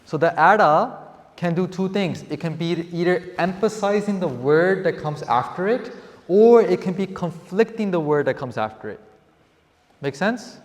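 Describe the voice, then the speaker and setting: A man's voice: sits high, expressive, moderate pace. A young man, teaching a classroom vocabulary lesson and often checking in with "okay?". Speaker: seminar teacher. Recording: echoey room with long reverb.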